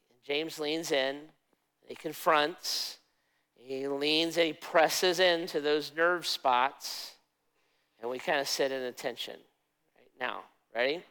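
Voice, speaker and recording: Smooth-voiced man preaching a sermon. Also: on the high side, moderate pace, fairly bright tone, rough recording. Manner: conversational, emphatic preaching with repeated restarts. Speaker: pastor.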